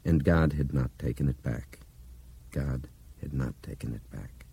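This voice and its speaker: A man reading a novel aloud in steady, measured narration that drops to a hush at times. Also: extremely low pitch, vocal fry, husky. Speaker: audiobook narrator. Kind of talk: scripted narration.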